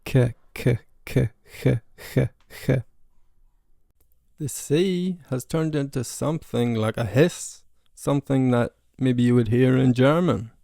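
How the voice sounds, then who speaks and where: A man's voice: medium pitch, gravelly, darkish tone, no echo, clean studio sound. A man who is a language learner, giving a casual pronunciation lesson and repeating sounds to demonstrate them.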